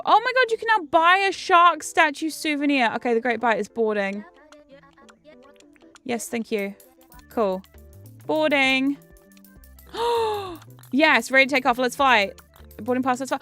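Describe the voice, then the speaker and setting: A woman giving casual game commentary as a streamer. She gets excitable, swears often and jumps into squeals. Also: high-pitched, moderate pace, clear, resonant tone, soft background music. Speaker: VTuber streamer.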